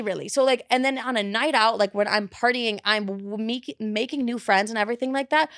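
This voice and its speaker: A young woman in her twenties hosting a podcast, telling story times in an excited, rambling, profane way with lots of "like.". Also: mid-range voice, quick pace, hardly any pauses, dry recording, studio quality. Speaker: podcast host. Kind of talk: casual story time. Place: New York.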